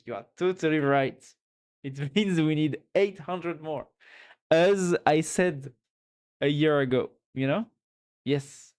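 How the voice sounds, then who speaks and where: A man's voice: a little high, slow, darkish tone, clean tone. A man with a French accent chatting casually on a live stream, reading out and answering his chat in a rambling, giggly way. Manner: chatty, reads chat aloud and thanks followers.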